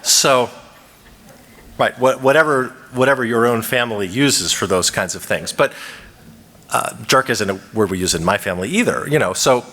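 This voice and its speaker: A man giving a lively lecture at a conference, asking the audience questions and acting out quoted lines. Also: mid-range voice, moderate pace. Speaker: conference speaker. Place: conference hall. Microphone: microphone. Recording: reverberant lecture hall.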